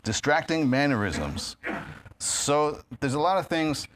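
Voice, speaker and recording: Amid a noisy background, a man from New York with a New York accent speaks unhurriedly in a fairly high voice with big pitch swings. He's a guest speaker giving a casual, filler-filled talk to a live audience in a spiritist center's meeting hall via a handheld or stand microphone, laughing at his own jokes.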